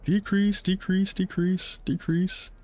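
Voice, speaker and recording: This young streamer's voice sits high and a little mellow, delivered flatly and slowly. Playing a horror game, he reads the in-game notes out loud into his desk mic, joking and laughing in casual let's-play commentary.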